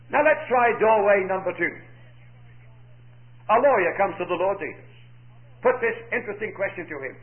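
A man's voice: high voice, lively intonation, moderate pace, pauses often. A man preaching a sermon, emphatic, asking the listeners questions and quoting scripture in old-fashioned English. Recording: tinny narrow-band recording.

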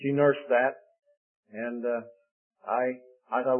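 A man's voice: medium pitch, takes it slowly. An older man preaching a sermon, telling homely stories about his marriage in a folksy way and acting out the voices of the people he quotes. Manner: folksy storytelling, quotes others in lively voices. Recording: phone-like narrow sound.

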